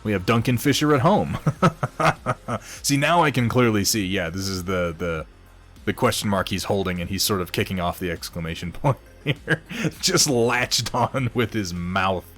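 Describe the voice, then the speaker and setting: Low-voiced man, chatty and slightly hoarse. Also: normal speed, fairly bright tone, soft background music. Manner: chatty, mild swearing, laughs often. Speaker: host of a miniature painting stream. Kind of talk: casual livestream chat, reading viewer posts.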